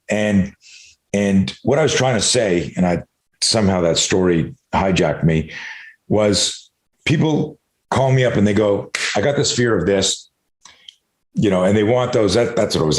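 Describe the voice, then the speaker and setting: A middle-aged self-defense expert with a lowish voice tells a candid personal story as a podcast guest, recorded in an echoey room. He swears freely and acts out his own inner dialogue.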